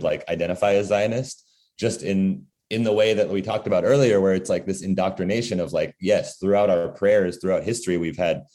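Man, very low voice, casual guest talk, loose and profane, lots of "like". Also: a little mellow. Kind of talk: casual conversation.

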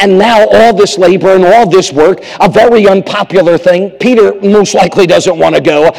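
A man preaching a revival sermon in a dramatic style, dropping from loud bursts to hushed tones as he acts out the scripture. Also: sits high, creaky, in a large hall.

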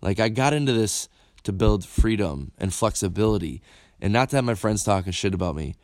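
A man's voice: on the low side, a little fast, no room sound. Blunt storytelling man, dry close sound. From upstate New York. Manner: candid, animated, swears freely, repeats words. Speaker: motivational speaker. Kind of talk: personal storytelling.

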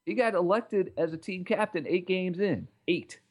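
A man's voice: high-pitched, normal speed, a little mellow. A man co-hosting a podcast, chatting casually about football with joking, sarcastic banter. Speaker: podcast co-host. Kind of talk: casual sports chat.

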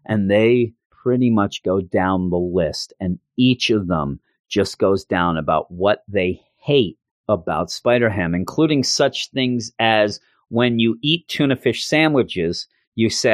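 A man co-hosting a podcast, recapping a comic issue in casual chat and switching into goofy high voices when quoting characters. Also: takes it slowly, no echo, clean studio sound. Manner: animated retelling, jumps into high goofy voices for quotes. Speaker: podcast co-host reviewing comics.

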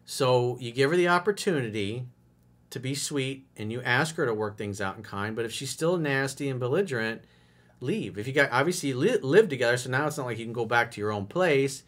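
A man's voice: medium pitch, animated, a little fast, fairly bright tone. Blunt, profane man giving relationship advice. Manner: blunt, direct and profane, acting out lines of dialogue. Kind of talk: advice monologue answering a listener letter.

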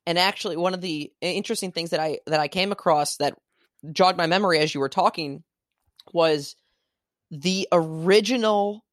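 A man's voice: high voice, normal speed, no echo, clean studio sound. A man co-hosting a casual podcast chat from home, rambling and self-deprecating. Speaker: podcast co-host. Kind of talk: casual chat on a video call. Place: home, remote.

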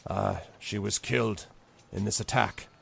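Guy doing a gruff tired dwarf innkeeper, terse, kinda low. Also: steady tone, unhurried, fairly bright tone, heavily acted.

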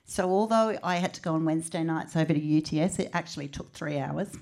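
A middle-aged woman with an Australian accent, telling personal stories in an animated, chatty way at a book launch. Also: sits low, quick pace. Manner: animated, chatty storyteller who acts out quotes. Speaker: author speaking at a book launch. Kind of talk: personal storytelling speech.

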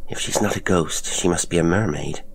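Man reads wary village woman, husky whisper, low-pitched, storybook horror. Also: fairly quick. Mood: hushed. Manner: hushed, often whispering.

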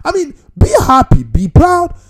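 A man giving a casual, animated football opinion monologue, repeating himself and talking straight to his viewers. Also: very high voice, a little slow. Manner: animated, repetitive, talks straight to viewers as "people". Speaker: football commentator.

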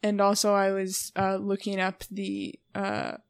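A young woman co-hosting a podcast, chatting casually and softly with lots of fillers. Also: medium pitch, completely flat delivery, unhurried, clean tone, no room sound. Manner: rambling, filler-heavy, soft-spoken. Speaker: podcast co-host. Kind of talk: casual chat.

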